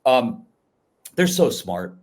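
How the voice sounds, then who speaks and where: A man's voice: mid-range voice, very animated, takes it slowly, darkish tone. A man hosting a podcast, talking casually and rambling as he searches for words. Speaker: podcast host.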